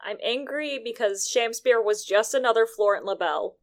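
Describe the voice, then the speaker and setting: A woman with a fairly high voice co-hosts a casual podcast. She makes dry, wry complaints about a game and laughs easily. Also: normal speed. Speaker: podcast co-host. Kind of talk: casual game-review chat.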